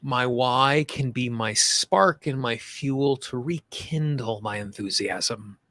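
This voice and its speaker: A man leading a guided tapping session, speaking slow soothing affirmations with chatty asides between them. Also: mid-range voice, bright, forceful tone, dry recording. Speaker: tapping coach.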